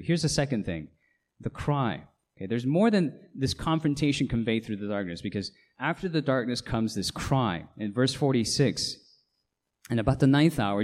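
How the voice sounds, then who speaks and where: A middle-aged male pastor delivering a sermon in a somewhat low voice. He preaches emphatically, often tossing in rhetorical questions to the congregation. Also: a little mellow.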